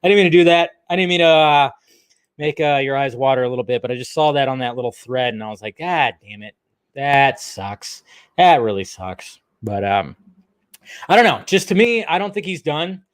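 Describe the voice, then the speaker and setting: A man chatting casually about movies, rambling, restarting his sentences and swearing freely. His voice sits a little high for a man, and the recording is close and dry with no room sound. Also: fast talker, smooth, no echo. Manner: rambling, loose and profane, with many restarts. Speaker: movie news channel host. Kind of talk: casual video commentary.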